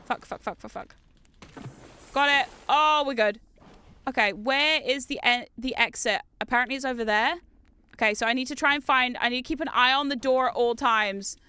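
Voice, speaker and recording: A woman with a New Zealand accent giving casual gameplay commentary as a streamer. She talks loudly and excitably and swears a lot. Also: high voice, fairly quick, clear, resonant tone, no room sound. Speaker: VTuber streamer.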